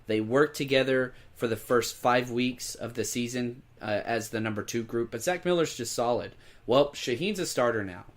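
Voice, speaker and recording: Speaking at normal speed with hardly any pauses, a man with a mid-range voice co-hosts a podcast. His casual chat covers fantasy football picks, and he emphatically urges listeners to act and pick up players.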